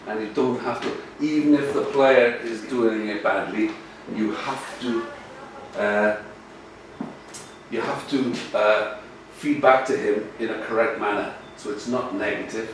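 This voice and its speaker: A man's voice: fairly low pitch, a little slow. Man coaching in an echoey room. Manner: lively, animated, addresses audience directly. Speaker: rugby coach giving a workshop. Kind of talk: coaching workshop talk. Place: workshop room. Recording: echoey room from far off, faint noise.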